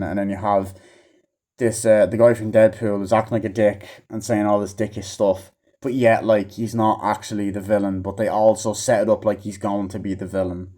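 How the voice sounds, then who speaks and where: With a dark tone on the low side, a man reviews a movie in a loose, rambling way. He swears a lot, and he mocks the characters by imitating them as he acts out scenes.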